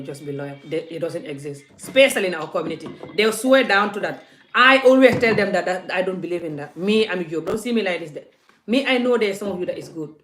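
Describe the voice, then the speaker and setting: A woman's voice: sits low, slight background noise. A woman vlogger talking to her viewers in an impassioned, emphatic, preachy way. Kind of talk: casual live vlog talk.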